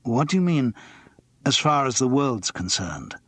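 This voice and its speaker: A gentle, wry middle-aged actor, speaking plainly and quietly, read by a man with a husky voice in a dry audiobook recording. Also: mid-range voice, sing-song, measured pace, no echo, exaggerated voice.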